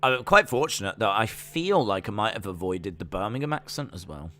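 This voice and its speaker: A man's voice: lowish voice, big pitch swings, brisk, a bit bright, faint music behind. A man hosting a live stream, chatting casually and calling the action play by play with plenty of fillers. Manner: chatty, rambling, trails off with fillers.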